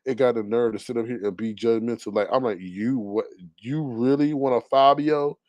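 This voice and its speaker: A man rants in an indignant, drawling way on a live talk stream. His voice sits at an ordinary middle pitch, recorded dry and close, and it swings between loud outbursts and low mutters. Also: normal speed, no echo. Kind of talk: animated casual ranting.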